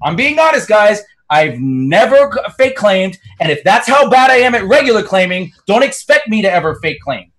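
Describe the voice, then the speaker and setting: Loud, insistent high-voiced man. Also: sing-song. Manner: loud, insistent, quick to apologize. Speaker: player in a live party game. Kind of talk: heated game-table argument.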